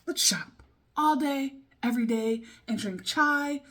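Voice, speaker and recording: A woman's voice: sits high, a little slow, a bit bright. A woman vlogging her language study, thinking aloud, repeating foreign phrases and drifting into chatty asides with little laughs. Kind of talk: casual study vlog.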